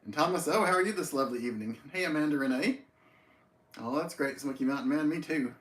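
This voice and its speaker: A man's voice: fairly high pitch, quick pace, a bit bright. A man with an East Tennessee accent hosting a casual livestream, greeting viewers by name. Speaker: livestream host. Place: outdoors by a tree. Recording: roomy echo.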